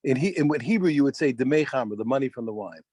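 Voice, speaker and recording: A man teaching a daf yomi Talmud class, animated, restarting phrases and quizzing his students. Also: medium pitch, quick pace, husky, no room sound.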